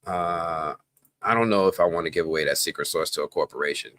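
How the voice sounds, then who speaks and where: A man's voice: low voice, fairly quick, no echo. A man from the Bronx hosting a live stream, chatting casually and rambling off on tangents. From the Bronx, New York. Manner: animated, rambling, goes off on tangents.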